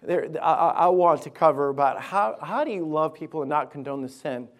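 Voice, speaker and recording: A man's voice: on the high side, brisk. A man, a lead pastor, preaching an impassioned sermon in a church and repeating key phrases for emphasis. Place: church sanctuary.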